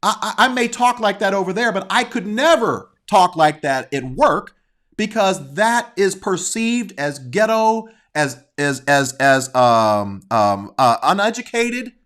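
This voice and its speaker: A man with a somewhat high voice talks through a sensitive topic in casual conversation. He speaks earnestly but haltingly and keeps restarting his sentences as he works out his point. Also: sing-song, fairly bright tone. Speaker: discussion guest.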